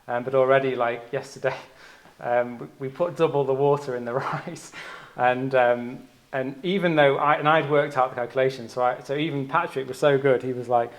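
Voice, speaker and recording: An earnest man gives a reflective talk at a retreat, searching for his words as he goes. His voice sits at an ordinary middle pitch, and his delivery is personal rather than polished. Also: fairly even intonation, normal speed, few pauses. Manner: earnest, searching, thinks aloud. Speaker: retreat speaker, doctor.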